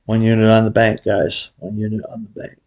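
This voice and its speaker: A man with a fairly low voice gives casual play-by-play of his bets, talking in a relaxed way that often drops to a mutter. He talks straight to his viewers as he tracks each hand. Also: a little fast, highs cut off. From Vegas pro. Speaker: baccarat video host.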